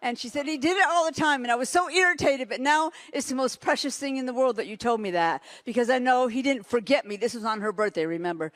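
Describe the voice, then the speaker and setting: Animated woman preaching with dry sound. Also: a little high, fast talker, hardly any pauses, no echo. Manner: animated, laughing storyteller. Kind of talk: sermon with storytelling.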